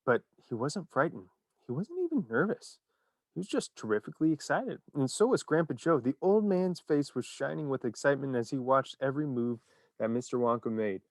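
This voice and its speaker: A man narrating a children's story in an expressive, animated reading. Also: medium pitch, fairly quick, dry recording, studio quality.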